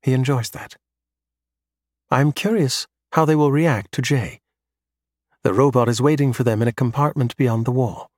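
Calm male audiobook narrator, dry sound. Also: mid-range voice, dry recording.

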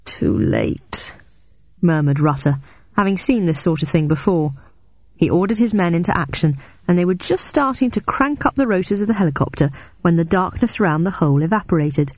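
An audiobook narrator, a woman, reads a first-person novel in a measured storytelling style, raising her pitch sharply for shouted dialogue. The recording is dry.

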